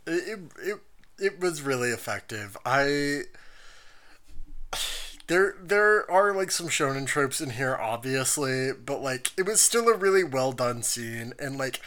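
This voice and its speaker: A podcast host with a medium-pitched, unhurried voice recaps anime episodes in casual conversation. Lively and expressive, he summarizes scenes, reads out episode summaries, and shares viewer comments.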